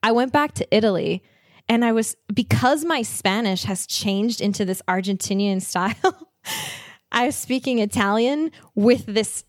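A woman's voice: fairly high pitch, unhurried, no room sound, clean studio sound. A woman chatting enthusiastically as a guest about travel and languages, laughing often. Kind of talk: casual travel chat.

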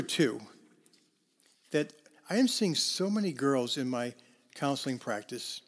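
Conversational higher-voiced male counselor. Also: sing-song, normal speed. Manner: conversational, with fillers and restarts. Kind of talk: storytelling talk on forgiveness.

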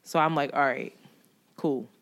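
A woman's voice: extremely low pitch, measured pace, a bit bright. A woman co-hosting a casual chat podcast. She tells stories with lots of energy, swears freely and laughs often. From New York. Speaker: podcast co-host.

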